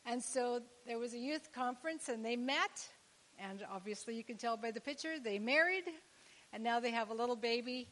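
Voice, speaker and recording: A woman's voice: fairly high pitch, normal speed, fairly bright tone, big-room sound, poor audio. A woman telling a story to a church audience, rambling and restarting with "anyways". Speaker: charity co-founder, speaker's wife. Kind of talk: storytelling talk.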